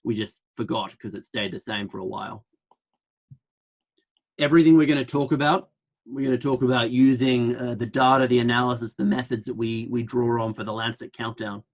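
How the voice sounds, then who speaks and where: A man's voice: medium pitch, fairly even intonation, brisk. A man with an Australian accent giving an online lecture in a flippant, joking way.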